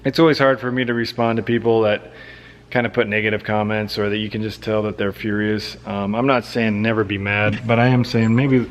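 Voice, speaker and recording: Speaking fairly quickly in a low-leaning, level male voice, a farmer-vlogger from central Nebraska wanders outdoors near his machinery. It's a casual walkaround vlog full of relaxed, rambling, loose explanations of his farm work.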